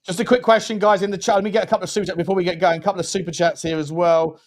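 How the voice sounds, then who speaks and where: A man's voice: high voice, steady tone, racing. A man hosting a casual football watchalong, rambling and restarting his sentences. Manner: rambling, restarts phrases, chatty. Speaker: host.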